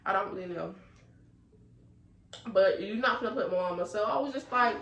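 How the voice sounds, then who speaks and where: A young woman, from North Carolina, telling a storytime tale in an animated way full of fillers. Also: mid-range voice, moderate pace, long pauses, reverberant, rough recording. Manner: animated, talks her way through the story with many fillers. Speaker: vlogger. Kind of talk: storytime chat.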